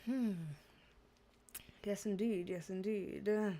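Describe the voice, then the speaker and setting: A woman's voice: mid-range voice, fairly even intonation, takes it slowly, mellow. A woman in her thirties hosting a casual livestream, reading comments and chatting with exasperated humor and frequent laughter. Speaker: tarot livestream host.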